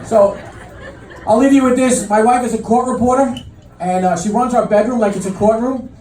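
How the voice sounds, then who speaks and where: Heard from afar through an echoey club microphone, a high-voiced male comedian who's new to the circuit works a live audience at a comedy club. His moderately paced set is deadpan storytelling, full of restarts and filler words. Laughter and general room noise fill the background.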